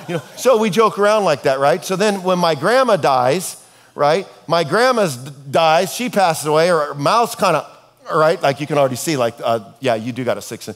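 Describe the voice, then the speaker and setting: Middle-aged pastor preaching in a hall. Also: male voice, on the high side, expressive, normal speed. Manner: casual, conversational storytelling with dark humor. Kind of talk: sermon. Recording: long reverb of a hall.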